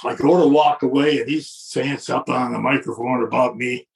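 Older guy with a gravelly voice telling an old story, does all the quotes himself. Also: mid-range voice, brisk, recorded from a distance. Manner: animated anecdote with acted-out quotes and chuckles. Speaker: guest telling a wrestling story. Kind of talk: casual storytelling.

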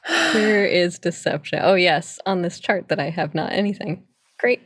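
A woman's voice: fairly low pitch, very animated, moderate pace, fairly bright tone, breathy edge. A woman playing in a tabletop game, answering the game master casually and wryly. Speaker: player.

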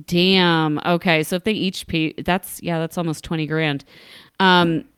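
A woman co-hosting a podcast in casual chat, animated, laughing often, with sarcastic asides. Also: lowish voice, a little slow, clear, resonant tone, no room sound, clean studio sound. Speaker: podcast co-host.

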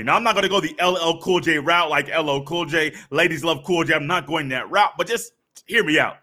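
A young man hosting a sports podcast, talking casually and acting out little scenes with animated swings in pitch and pace. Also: a little fast. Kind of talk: casual monologue with storytelling.

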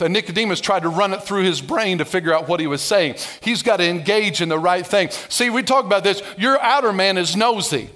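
A man preaching a lively, conversational sermon as a pastor, acting out biblical dialogue with playful sarcasm and humor. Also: sits high.

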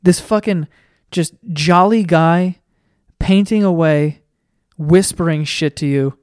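A podcast host riffing through a profane, rambling comedic monologue with animated storytelling. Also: mid-range voice, slow, clean tone, dry recording, clean studio sound.

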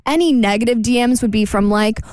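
A woman's voice: on the high side, a little fast, a little mellow, no echo. A young woman co-hosting a radio show, telling a story in a chatty way with many fillers. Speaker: radio co-host. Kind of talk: casual radio chat. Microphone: studio microphone.

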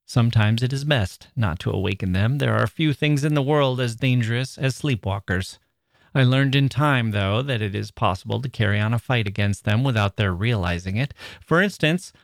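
A man reading a novel aloud in the first person, measured and expressive. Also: medium pitch, no echo, studio quality. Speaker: reader.

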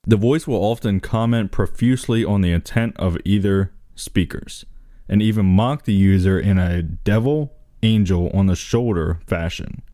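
Laughing low-voiced man reading aloud. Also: normal speed, warm tone, no echo, clean studio sound. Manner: giggly, breaks into laughter while reading. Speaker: co-host reading an entry aloud. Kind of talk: casual chat, reading text aloud with commentary.

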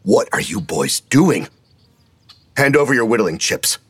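A man's voice: mid-range voice, wildly swooping pitch, unhurried, husky, dry recording, voice pushed up, heavily acted. A man voicing a flustered scout leader. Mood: anxious exasperated. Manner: tense, pleading, exasperated. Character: flustered, anxious adult male scout leader.

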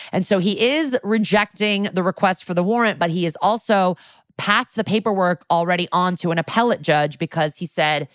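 A woman's voice: on the low side, a bit bright, no echo, studio quality. A woman co-hosting a podcast, chatting casually while recapping a TV episode, swearing freely and saying "like" a lot. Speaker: podcast co-host.

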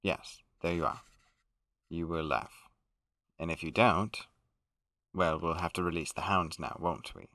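A man playing a pompous aristocratic English gentleman who hosts a comedy podcast, in a put-on upper-class British accent, fussy and self-correcting. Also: sits low, steady tone, measured pace, pauses often, slight background noise, heavily acted. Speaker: podcast host.

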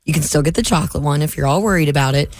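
A woman's voice: deep voice, rapid-fire, dry recording. A woman co-hosting a morning radio show, upbeat as she explains the contest and food news. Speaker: radio co-host.

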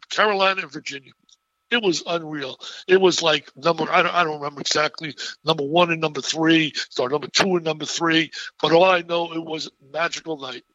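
A man in his eighties, an excitable and animated storyteller, talking as an interview guest. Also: high-pitched, dry recording, muffled recording. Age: 80s.

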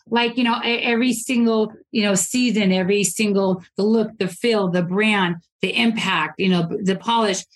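A woman podcast host telling stories in a blunt, animated way, acting out what people said. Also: mid-range voice, moderate pace, hardly any pauses, rough recording. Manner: blunt, animated storytelling, acts out quotes. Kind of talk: casual interview chat.

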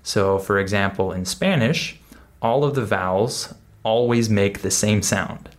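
Slow-talking male English teacher. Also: lowish voice. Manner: slow, deliberate, repeats example words. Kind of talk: podcast lesson.

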